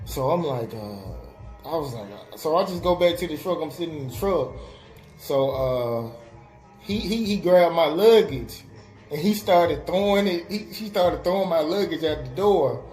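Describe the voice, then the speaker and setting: A man's voice: on the high side, animated, a little slow, darkish tone. A young man casually telling a story on a web radio show, full of fillers and acted-out quotes. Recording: roomy with faint music behind.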